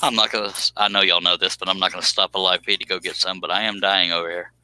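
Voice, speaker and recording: A man's voice: deep voice, level tone, fast talker, bright, forceful tone, clean tone, poor audio. A man hosting a live stream, chatting casually in an easygoing, self-deprecating way with hesitant fillers. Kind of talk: casual chat.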